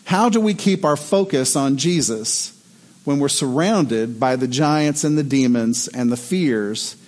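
A middle-aged man preaching a sermon as pastor, telling stories in an animated way. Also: medium pitch, unhurried. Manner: animated storytelling, voice rising in excitement.

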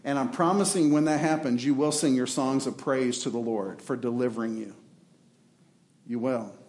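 A pastor with a slightly mellow, medium-pitched voice and moderate pace gives a fervent sermon in a church with a roomy sound. He voices both the prayers and God's responses.

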